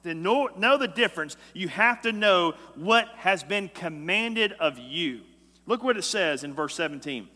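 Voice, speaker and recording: A male pastor delivers a sermon with emphatic force, dropping to a hush and rising again. His voice is bright and sits a little high. The sound trails off into a long hall reverb. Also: animated, measured pace. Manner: emphatic preacher, swings from loud to hushed. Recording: echoey hall.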